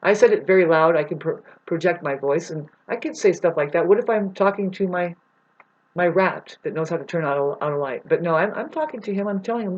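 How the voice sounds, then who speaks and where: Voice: medium pitch, animated, brisk. A self-described performing artist speaking in a rambling personal monologue, emotional and apologetic, often restarting sentences. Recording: dull lo-fi recording.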